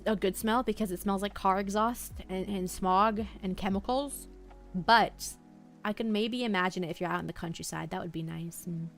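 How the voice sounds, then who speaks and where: Young female streamer, gentle low-key delivery, mid-pitched, soft music bed behind. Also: creaky. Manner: soft-spoken, mumbling, drifting thoughts. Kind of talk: relaxed live-stream chat. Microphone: headphones half off, desk mic.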